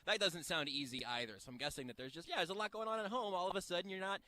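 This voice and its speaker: A man hosting a sports radio show, interviewing a guest in a quick, chatty way. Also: sits high, bright, forceful tone, poor audio. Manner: quick, chatty, laughs often.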